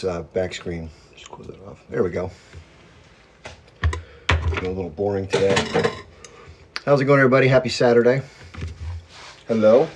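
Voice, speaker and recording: A man with a mid-range voice hosts a casual home livestream on his phone, chewing while he rambles and greets viewers by name as comments come in. He describes himself as a hyped-up talker, and there is background noise.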